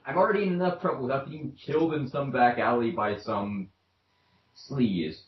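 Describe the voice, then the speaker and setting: A man's voice: mid-range voice, normal speed. A man playing a tabletop game, making wry, sarcastic remarks. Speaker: player. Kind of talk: tabletop role-play, casual. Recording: echoey, lo-fi room with faint noise.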